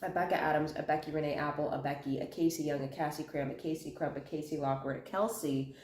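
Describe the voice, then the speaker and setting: A woman chatting quickly about books in a casual video essay, sick and talking around a cough drop, rattling off long lists with ums. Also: sits low, fairly even intonation, a little mellow. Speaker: book commentary vlogger. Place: indoor room at home. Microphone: camera in front of her. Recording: echoey room.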